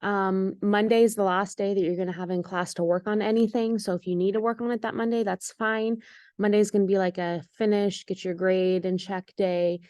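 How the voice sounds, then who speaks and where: A woman's voice: medium pitch, level tone, brisk, a little mellow, dry recording. A woman teaching an art lesson in a recorded video, giving patient, step-by-step instructions with the odd "um".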